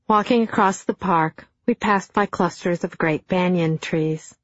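Middle-aged woman, audiobook narration, deadpan, lowish voice, muffled lo-fi sound. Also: no room sound. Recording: dull, dry studio sound.

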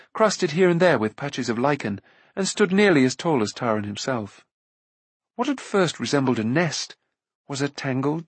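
Male audiobook narrator, husky, expressive reading, dry studio sound. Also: mid-range voice, no room sound. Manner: expressive, measured storytelling. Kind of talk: scripted narration of a fantasy novel.

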